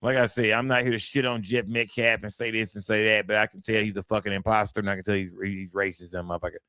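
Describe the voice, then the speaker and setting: A man's voice: lowish voice, flat delivery, fast, pushed and bright, clear, resonant tone, no echo, clean studio sound. A man hosting a livestream, giving blunt, profane commentary and talking straight to his chat. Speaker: livestream host.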